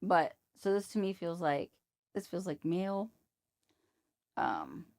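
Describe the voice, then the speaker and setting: A woman's voice: lowish voice, very animated, takes it slowly, darkish tone. A woman working as a psychic medium, chatting casually on a podcast, laughing often and acting out quoted voices.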